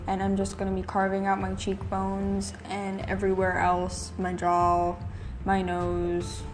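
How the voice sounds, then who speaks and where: Flat-voiced woman explaining makeup steps. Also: mid-range voice, measured pace, over music. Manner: step-by-step, practical explaining. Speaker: makeup artist. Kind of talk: tutorial voice-over.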